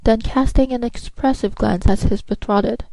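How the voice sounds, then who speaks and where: A woman reading a classic novel aloud as an audiobook narrator, with a steady, even delivery. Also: on the high side, normal speed, creaky, no echo, rough recording. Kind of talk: scripted narration.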